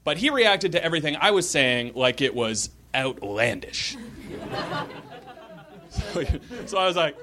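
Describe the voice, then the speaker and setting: A man performing a stand-up set on a comedy club stage, telling a quick, wry story. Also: fairly high pitch, very animated, pushed and bright. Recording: live club recording, crowd noise.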